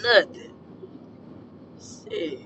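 A man with a hoarse, scorched throat, giving a blunt, profane and preachy casual rant as a podcast host. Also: extremely slow, bright, forceful tone, a little hiss or hum, rough recording.

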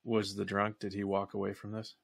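Gravelly man asking questions. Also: lowish voice, completely flat delivery, brisk, no room sound. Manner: curious, asks questions directly. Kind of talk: casual interview.

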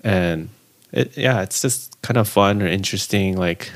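Young male podcast co-host, very low voice, relaxed halting chat. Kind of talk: casual chat.

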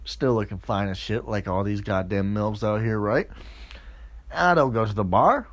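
A man in his twenties telling a crude, rambling story in a swearing comedic rant. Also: moderate pace. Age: 20s. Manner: jumps into loud, high-pitched mocking voices.

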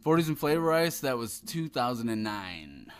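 A musician from Ohio chatting casually on a podcast, swearing freely and joking loudly. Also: male voice, mid-range voice, sing-song, normal speed, clean tone. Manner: profane, loud and jokey. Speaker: musician guest.

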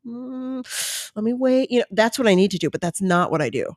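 A woman's voice: mid-range voice, expressive, quick pace, dry recording, studio quality. A middle-aged woman hosting a casual solo podcast, chatty and self-deprecating, acting out her own inner voice as she talks. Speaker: podcast host.

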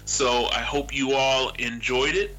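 A man's voice: mid-range voice, fairly even intonation, unhurried, sharp tone, poor audio. A man narrating a tabletop game as game master, casual and profane. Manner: profane, laid-back, laughs often.

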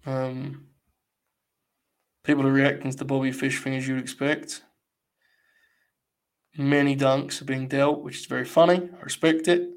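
A man's voice: medium pitch, little pitch movement, unhurried, pauses often. A young man hosting a live stream, giving blunt, sarcastic, casual commentary and swearing freely.

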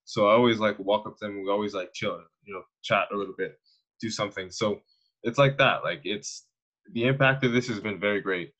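A man's voice: lowish voice, brisk, low-quality recording. A young man in his twenties from Canada, a fitness coach telling stories as a guest in a casual, slangy way and laughing often. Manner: slangy, animated storyteller who laughs often. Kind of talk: casual conversational interview.

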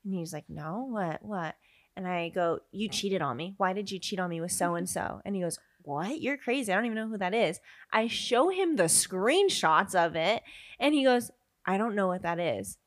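A young woman telling a story in casual chat, animated, acting out the quotes, and laughing often. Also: medium pitch, normal speed, dry recording.

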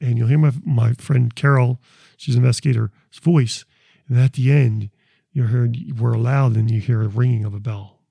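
A paranormal investigator presents his recordings in casual explanatory talk, rambling loosely, often repeating words and restarting sentences. His mid-range voice is gravelly and rough-edged, dark and mellow in tone, with fairly even intonation at normal speed. The recording is dry and close, with no room sound.

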